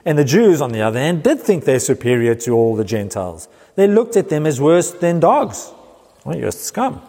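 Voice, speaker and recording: A man's voice: fairly high pitch, sing-song, dark tone. Earnest male preacher in a reverberant hall. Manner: earnest preaching with slow emphatic pauses. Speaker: pastor. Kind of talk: sermon.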